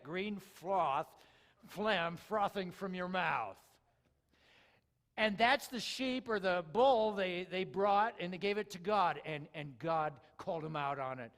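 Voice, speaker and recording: Animated male preacher in a reverberant hall. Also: high-pitched. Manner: animated, rhetorical questions to the congregation. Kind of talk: sermon.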